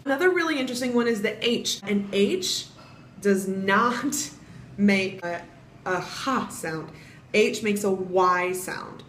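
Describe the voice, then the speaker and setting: A woman's voice: mid-range voice, unhurried, a bit bright. A young woman from the United States, chatting casually as she explains pronunciation and spells words out letter by letter. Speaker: vlogger teaching Portuguese pronunciation. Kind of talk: casual vlog lesson. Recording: echoey room with faint ambient noise.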